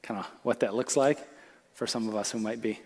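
A male pastor preaching a sermon in an animated, conversational way, full of casual fillers. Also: fairly low pitch, fairly quick. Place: church auditorium.

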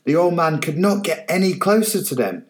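A man reading his own short story aloud in a soft, low-key storybook narration. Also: very animated, normal speed.

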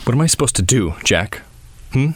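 A man's voice: mid-range voice, big pitch swings, brisk, slightly rough, no echo. An actor playing an exasperated father who scolds his defiant young son and raises his voice at him. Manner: scolding, rising to shouting. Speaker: father in a played scene.

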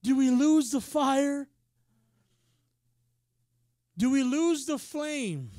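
A strikingly high-voiced man preaches with passion and a casual air, sprinkling in "man" frequently as he drops to near-whispers and climbs to shouts. Close, dry sound leaves almost no room echo.

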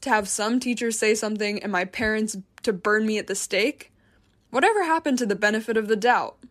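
Woman reading her memoir out loud, tense and frustrated, inward kind of narration. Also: medium pitch, a little fast. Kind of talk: first-person memoir audiobook narration.

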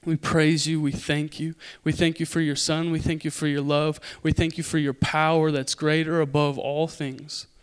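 A young man from Idaho preaching a sermon, telling a story with animated, loud impressions. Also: on the high side, normal speed, hardly any pauses, clear, resonant tone.

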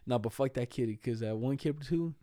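A man's voice: medium pitch, moderate pace, mellow, no echo, studio quality. A young man in casual chat, telling school stories in slangy, profane talk and laughing often.

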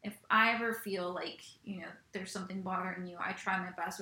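Young female co-host, bright-toned, chatty and animated, echoey room. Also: medium pitch, fairly quick, hardly any pauses, a little hiss or hum. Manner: chatty, animated, laughs often. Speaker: podcast co-host. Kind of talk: casual chat.

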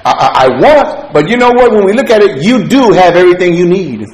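Animated high-voiced male preacher, echoey room. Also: a little fast. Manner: animated storytelling, swings from quiet to loud. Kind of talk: sermon.

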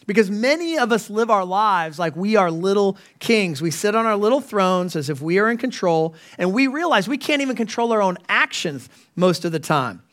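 A man with a fairly high voice preaches from the pulpit. He presses his points earnestly and leans on rhetorical questions to draw the congregation in. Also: lively intonation, moderate pace, hardly any pauses, fairly bright tone. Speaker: pastor. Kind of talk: sermon.

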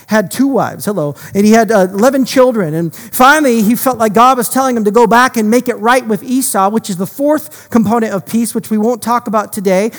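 A pastor delivering a passionate sermon in quick, animated bursts and restarting sentences often. The voice has a mid pitch and carries a long reverb from a large hall.

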